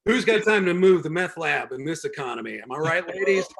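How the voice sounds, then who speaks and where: A man's voice: on the high side, lively intonation, fairly quick, vocal fry, crowd noise. A man doing a wry stand-up set and hosting a show from home over a video call, rambling with many ums and restarts. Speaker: comedian and show host.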